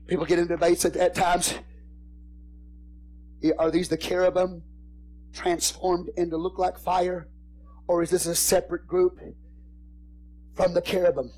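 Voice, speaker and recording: A husky, fairly high-voiced pastor preaching to his congregation. He drops to near-whispers and then builds to shouted, rising peaks, repeating his phrases for emphasis. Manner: swings from hushed whispers to shouted crescendos. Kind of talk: sermon.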